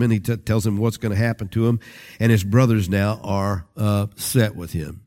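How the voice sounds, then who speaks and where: A man's voice: lowish voice, a little fast. A man preaching a storytelling sermon, talking straight to his listeners in a conversational way. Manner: animated, conversational, addresses listeners directly.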